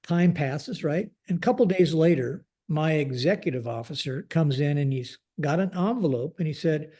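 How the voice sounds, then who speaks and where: A man's voice: fairly high pitch, lively intonation, normal speed, dark tone, husky. Older man telling a military story. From United States. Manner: conversational, acts out dialogue in quotes, frequent fillers. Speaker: guest, retired Air Force general. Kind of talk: storytelling in a podcast interview.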